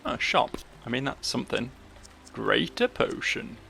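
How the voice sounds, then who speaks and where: A man hosting a let's play, musing aloud and poking fun at himself between game dialogue. His voice is strongly gravelly and mid-pitched, with faint game music beneath. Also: very animated, measured pace, sharp tone. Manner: rambling, self-mocking asides. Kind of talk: casual gameplay commentary.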